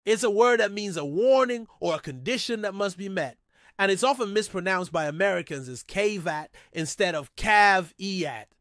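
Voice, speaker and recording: A man giving a scripted, upbeat lesson on how English words are pronounced, slowing down to stress the key words. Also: high-pitched, a bit bright, dry recording, clean studio sound. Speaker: English pronunciation presenter. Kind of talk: scripted educational narration.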